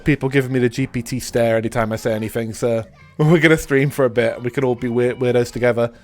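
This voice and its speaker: A man hosting a live game stream in casual, rambling chat, his voice hoarse and stuffy from a cold. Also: medium pitch, steady tone, fast, soft background music. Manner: rambling, with restarts, swearing and laughs. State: stuffy nose after a cold.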